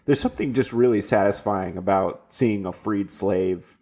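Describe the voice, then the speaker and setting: A man's voice: fairly low pitch, moderate pace, warm tone. A man from Houston co-hosting a podcast, chatting casually and rambling about a film with fillers and restarts. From Houston, Texas. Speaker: podcast co-host. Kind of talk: casual chat.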